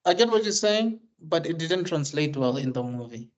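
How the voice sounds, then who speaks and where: A man's voice: a little high, animated, normal speed, lo-fi sound. A man who breaks into a casual panel chat with short remarks. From South Africa. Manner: short interjections.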